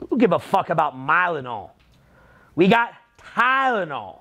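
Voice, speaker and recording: Loud, profane, fast-swinging coach. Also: male voice, sits high. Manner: animated, swearing, bursts into shouted quotes. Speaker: dating and social skills coach. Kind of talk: profane motivational rant.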